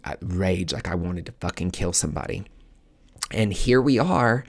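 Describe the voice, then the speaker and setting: A man with a somewhat low voice tells a personal story in a loose, casual monologue. He is animated and dramatic, and he swears freely as he acts out his own reactions. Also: creaky. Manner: animated, profane, dramatic retelling. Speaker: podcast host.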